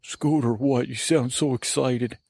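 A man's voice: medium pitch, fairly even intonation, measured pace, vocal fry, a little mellow, slightly rough, no room sound. A man voicing a meek, clingy male sidekick who talks hesitantly and a bit whiny, raising his voice slightly. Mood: timid.

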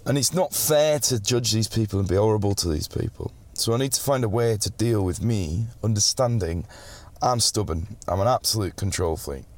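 A man's voice: on the low side, moderate pace, hardly any pauses, no room sound. A young man, chatting casually as an interview guest, telling stories and swearing freely. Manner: animated storyteller, swears freely, acts out quotes loudly. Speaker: pop singer, guest. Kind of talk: casual chat.

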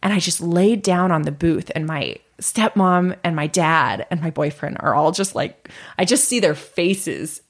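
Animated woman telling a personal story. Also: fairly low pitch, measured pace. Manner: animated, acts out voices in her story. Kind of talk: casual storytelling.

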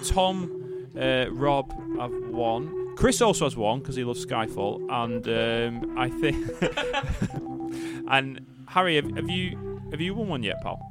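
A man's voice: mid-range voice, expressive, slow pace, loud music behind the voice. A man hosting a casual quiz on a podcast over a video call, chatty and explaining the rules with restarts.

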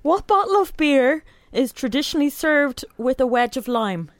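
A woman's voice: animated, normal speed, dry recording. A young woman presenting a radio quiz bit, nervous and gasping as she reads out questions. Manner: nervous, gasping, high-strung.

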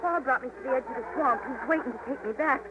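An actress playing a timid young country girl from the swamp, speaking softly and haltingly, in a 1950s radio drama. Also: high-pitched, close to an everyday voice. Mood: shy. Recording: hissy 1950s radio broadcast.

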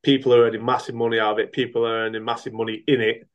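Frank, rambling boxer. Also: male voice, medium pitch, little pitch movement, racing, muffled recording. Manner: rambling, many restarts and fillers, frank. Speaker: professional boxer and coach. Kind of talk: casual interview talk.

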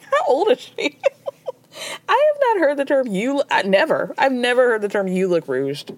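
A woman's voice: high voice, big pitch swings, a little slow, dry recording. A woman hosting a podcast, chatting casually through a reality TV recap, laughing often and acting out quotes. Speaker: podcast host.

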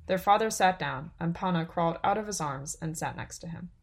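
Calm woman reading a story, low voice. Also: a little fast, gravelly. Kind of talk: scripted narration.

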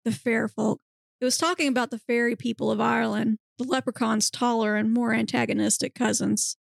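A woman hosting a podcast, reading a comic erotic story aloud in a steady, deadpan manner. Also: fairly high pitch, a little fast, gravelly, dry recording, clean studio sound. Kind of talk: dramatic reading of erotic fiction.

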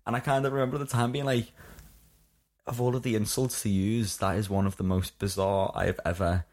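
Young english guy, very low voice, chatty, lots of ums and laughs. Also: little pitch movement, fairly quick, darkish tone. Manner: chatty, laughs often, frequent fillers. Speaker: guest telling school stories. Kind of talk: casual chat.

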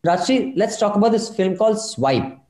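A man's voice: high voice, lively intonation, moderate pace, darkish tone, roomy sound. A man hosting a podcast in casual chat, reading listener emails aloud and adding his own asides. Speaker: podcast host.

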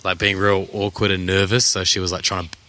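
A man's voice: sits low, level tone, fairly quick, sharp tone, a little hiss or hum. A young man, co-hosting a casual podcast chat in a laid-back, slangy way. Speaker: podcast co-host.

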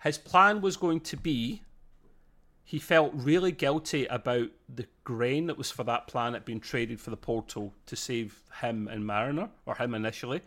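A man in mid-range voice talks through an episode with a co-host, animated and quick to laugh. His chat is relaxed and casual, full of asides and playful mimicry. He sounds like a regular podcast host among friends. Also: medium pitch.

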